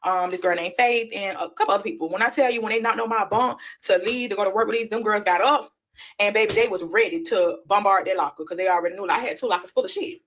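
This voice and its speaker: A woman, telling a casual storytime about her past to her viewers, animated and slangy. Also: medium pitch, fast talker. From Florida, USA. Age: 30s. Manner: animated, slangy, addresses viewers as y'all and child.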